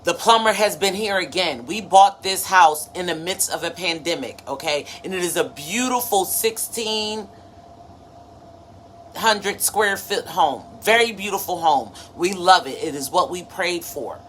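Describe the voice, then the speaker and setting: Woman, 30s, live-stream motivational host, preachy but chatty, low voice, slight background hiss. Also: expressive, a little slow, fairly bright tone. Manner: preachy, conversational, greets viewers by name. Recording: faint background noise.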